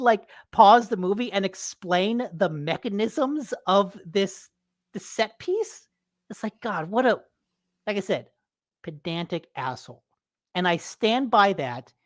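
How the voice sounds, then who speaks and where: A woman co-hosting a casual podcast chat, ranting in an animated way and swearing freely. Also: mid-range voice, no room sound, clean studio sound. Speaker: podcast co-host.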